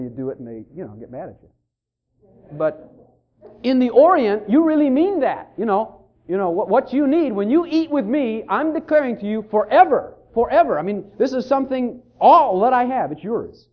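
Male preacher, sermon, high voice, lively swings in pitch, folksy asides, dull lo-fi recording. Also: a little fast. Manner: animated, acts out quoted voices, folksy asides.

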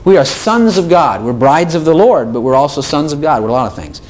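A man preaching a sermon, animated, swinging between loud exclamations and soft asides. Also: a little high, a little fast, a little hiss or hum.

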